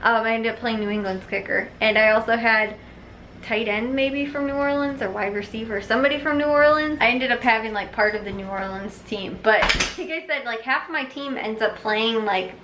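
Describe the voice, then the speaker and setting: Here the young woman's voice sits fairly high and moves at a normal speed, with background noise behind it. She's casually chatting to a handheld camera at home, frequently laughing and filling gaps with "like" and "um."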